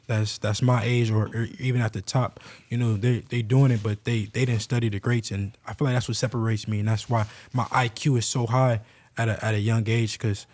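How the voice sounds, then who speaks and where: A young man in his twenties, a boxer guest, answering in relaxed chat with soft, hesitant restarts. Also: on the low side, fairly quick. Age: 20s. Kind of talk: casual interview chat.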